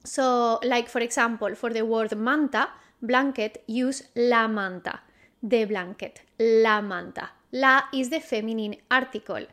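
A woman teaching a vocabulary lesson, repeating each word slowly and quizzing the listener in a patient, encouraging way. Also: on the high side, a bit bright. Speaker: Spanish teacher. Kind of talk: slow, clear vocabulary lesson.

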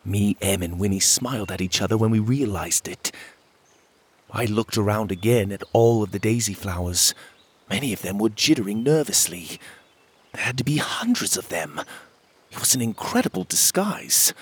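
A man narrating a children's audio adventure in an expressive storybook manner. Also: on the low side, normal speed, breathy edge.

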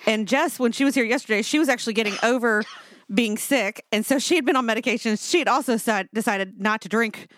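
A woman's voice: a little high, fast talker, a bit bright, no echo. A woman co-hosting a podcast in casual, giggly banter. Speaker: podcast co-host. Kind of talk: casual chat.

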